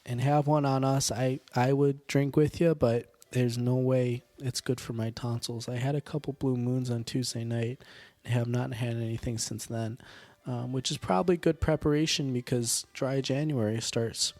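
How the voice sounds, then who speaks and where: A young man hosting a podcast, hoarse from a sore throat, rambling along with halting fillers and self-deprecating asides. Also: medium pitch, steady tone, darkish tone, no echo. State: hoarse from tonsillitis. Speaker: podcast host. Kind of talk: casual podcast sign-off.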